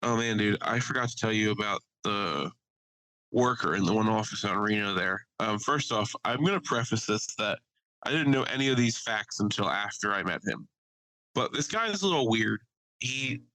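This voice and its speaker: Podcast co-host, man, bright forceful voice, dry close sound, swearing storyteller. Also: mid-range voice, no echo, low-quality recording. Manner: animated anecdote-telling, swears freely, quotes others. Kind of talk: casual storytelling chat.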